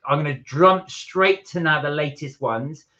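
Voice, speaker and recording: A man's voice: fairly high pitch, measured pace, bright, forceful tone. A man co-hosting a casual live chat from home, rambling as he greets viewers by name and reads out their comments. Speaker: co-host of a live chat stream. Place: at home indoors. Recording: slightly dull lo-fi stream audio.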